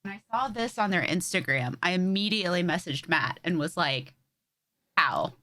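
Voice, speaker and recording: A woman co-hosting a podcast in casual chat, an excitable, giggly storyteller. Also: lowish voice, brisk.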